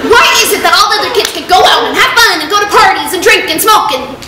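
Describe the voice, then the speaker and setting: A woman's voice: very high voice, lively intonation, quick pace. A seventeen-year-old girl performing a one-woman comedy show, ranting in an exasperated, self-mocking way. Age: teens. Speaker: solo stage performer. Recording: echoey hall from far off, loud noise.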